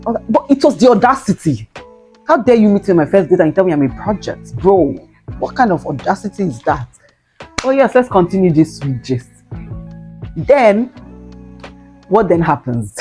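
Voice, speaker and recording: A woman in her twenties tells a personal story in a casual, animated way, with slangy exclaiming asides to her viewers. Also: fairly low pitch, brisk. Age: 20s. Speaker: vlogger. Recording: faint guitar music behind.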